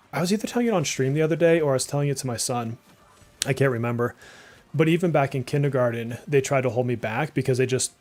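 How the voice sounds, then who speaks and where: Mid-range and a little mellow, this Massachusetts man's voice carries a speech impediment and a mild local accent that surfaces on certain words. He streams live while playing, chatting and rambling with plenty of "like" fillers and reacting out loud to the game.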